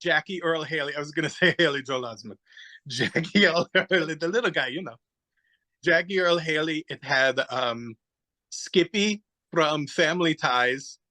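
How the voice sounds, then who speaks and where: A man's voice: a little high, normal speed, bright, forceful tone, poor audio. A man chatting casually on a podcast, rambling animatedly through a story, searching aloud for names and acting out little quotes. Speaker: podcast guest. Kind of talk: casual chat.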